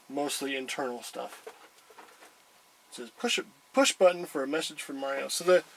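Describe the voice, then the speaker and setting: A man's voice: medium pitch, vocal fry, a bit bright, poor audio. A man casually showing a collectible item, rambling with many hesitations. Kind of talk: casual chat.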